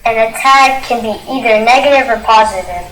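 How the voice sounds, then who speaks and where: A woman's voice: on the high side, a little fast, a bit bright. A woman reading the learner part in a scripted course dialogue, asking questions and summing up the rules. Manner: inquisitive, summarizing. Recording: roomy echo.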